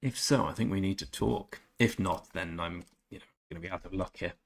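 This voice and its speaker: A gaming streamer with a low, gravelly voice chats casually with his viewers live while he plays. He reads out and answers their messages and makes halting attempts at German phrases.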